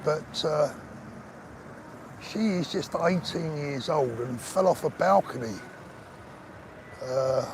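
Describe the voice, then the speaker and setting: Walking outdoors along resort streets, a middle-aged man from Britain livestreams through a phone on a selfie pole, his voice a little high against background noise. As host, he chats casually, cracks jokes, and reads viewer comments aloud.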